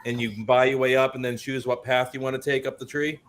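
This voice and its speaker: A man's voice: mid-range voice, flat delivery, brisk, slight background noise. A man who created a tabletop game explains it at a convention panel, talkative and full of restarts, with a recurring cough. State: coughing, slightly choked up. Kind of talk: casual convention panel chat.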